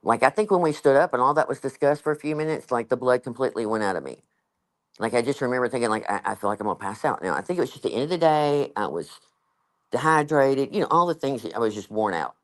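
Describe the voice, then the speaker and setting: A man tells stories in loose, rambling chat. He leans on fillers and laughs often as he talks. His pitch sits in a middle range for a man. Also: animated, quick pace. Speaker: guest. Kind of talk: casual chat.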